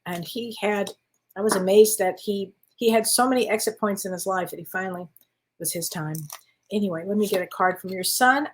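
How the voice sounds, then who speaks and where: A woman's voice: medium pitch, brisk. A woman working as a spiritual medium, giving card readings in casual, affectionate chat and calling listeners honey.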